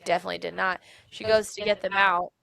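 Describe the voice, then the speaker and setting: Chatty young woman with a gravelly edge. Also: medium pitch, fast talker. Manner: chatty, animated retelling with many "like"s. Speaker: podcast co-host. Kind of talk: casual book discussion.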